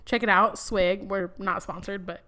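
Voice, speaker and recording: A woman's voice: mid-range voice, steady tone, moderate pace, bright, forceful tone. A woman co-hosting a casual podcast, telling stories candidly with lots of laughter and cursing. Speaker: podcast co-host. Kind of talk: casual chat.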